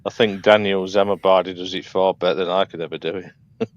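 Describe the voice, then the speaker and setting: A scale modeller chats casually on a live panel over a video call, hesitant and full of ums and restarts. His voice is low, fairly even in intonation, and fast, and the recording is dry and dull.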